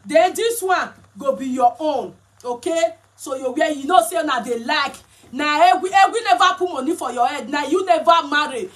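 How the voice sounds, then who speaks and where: Woman, Nigerian accent, casual vlog chat, high voice, explaining as she goes. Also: lively intonation, normal speed. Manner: chatty, explaining while showing clothes. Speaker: vlogger.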